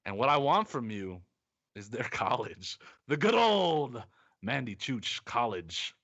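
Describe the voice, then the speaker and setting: A man's voice: mid-range voice, slow pace, muffled recording. A man hosting a casual sports podcast, reading an ad and quizzing his co-host with a lot of laughter. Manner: lively, laughs often, reads ads casually. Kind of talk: casual sports quiz chat.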